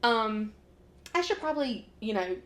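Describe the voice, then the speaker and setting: A woman's voice: a little high, very animated, a little slow, a little hiss or hum. A woman co-hosting a casual podcast chat, talking loosely with lots of "like" and frequent laughter. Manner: chatty, laughs often, lots of "like". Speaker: podcast co-host.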